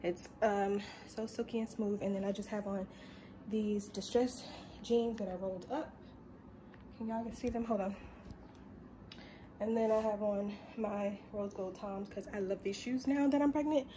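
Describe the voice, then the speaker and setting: A woman's voice: mid-range voice, fairly even intonation, unhurried, noisy background. A young woman chatting casually to her viewers in a vlog, bubbly and talkative, filmed on a handheld phone. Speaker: vlogger.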